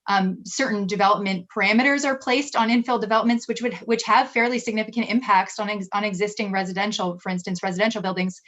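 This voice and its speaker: A woman city staff member answering questions at a council meeting in a measured, explanatory way. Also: mid-range voice, steady tone, fairly bright tone, muffled recording.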